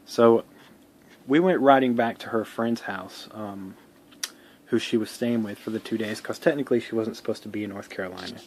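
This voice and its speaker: A man's voice: on the low side, normal speed, a little hiss or hum. A man telling a personal story in a casual vlog, rambling, with many fillers, restarts and some swearing.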